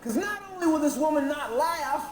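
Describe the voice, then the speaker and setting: A man doing a brash stand-up comedy routine on stage, animated and loud at times. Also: extremely high pitch, moderate pace, a crowd in the background. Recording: echoey venue with noise.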